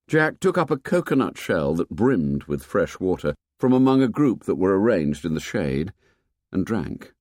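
A man narrating a novel in a fairly low voice. His reading is measured yet lively in intonation, moving expressively through the scenes. The recording is dry and close to the mic. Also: dry recording. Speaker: audiobook narrator. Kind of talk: scripted narration.

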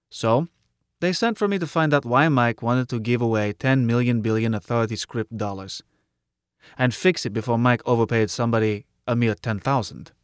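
A male audiobook narrator tells the story in the first person, in terse sentences that skip their articles. His voice sits at a middle pitch. The recording is close and dry, with no room sound. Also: smooth, no room sound. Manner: clipped, drops articles.

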